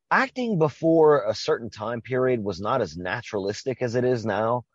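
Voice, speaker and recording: A man with a husky, breathy voice chats casually on a podcast, retelling a film with plenty of profanity and tangents. The recording is dry and close, with a slightly muffled, dull tone. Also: medium pitch, moderate pace, no echo. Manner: profane, rambling, animated retelling. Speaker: podcast co-host. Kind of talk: casual movie-review chat.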